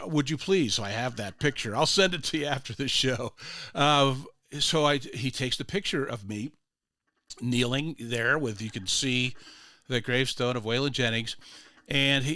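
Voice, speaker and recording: A man's voice: mid-range voice, normal speed, pushed and bright, no room sound. An older man hosting a morning radio show, telling a rambling story full of restarts and fillers. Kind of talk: casual radio chat.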